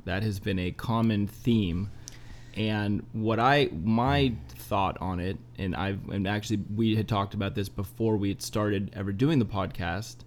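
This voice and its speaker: Man, low voice, podcast co-host, casual chat, playful teasing, rambling. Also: steady tone, measured pace, a little hiss or hum.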